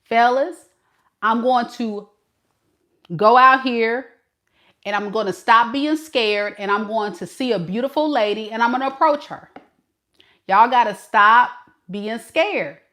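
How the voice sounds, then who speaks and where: A young woman, a tarot reader, chatting casually to camera with playful, animated storytelling. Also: fairly high pitch, unhurried, pauses often. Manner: animated, playful storytelling with lots of acted-out voices.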